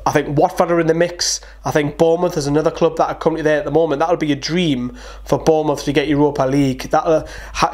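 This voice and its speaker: A man's voice: fairly high pitch, little pitch movement, darkish tone. A man with a Geordie accent hosting a casual, opinionated football match preview to camera. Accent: Newcastle (Geordie). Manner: chatty, opinionated, quick asides. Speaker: football fan channel host.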